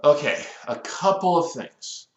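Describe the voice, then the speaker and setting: A man in his twenties reviewing a cartoon episode in a casual rant, complaining in an exasperated, animated way that builds into outbursts. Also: fairly high pitch, measured pace, roomy sound, muffled recording. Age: 20s.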